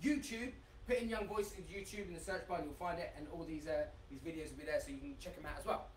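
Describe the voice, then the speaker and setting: A man leading a live-streamed dance tutorial, excitable and chatty, reading out viewer comments and breaking into high whoops. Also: fast, roomy sound, recorded from a distance, slight background noise. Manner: bursts into high shouts and whoops. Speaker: dance workshop leader.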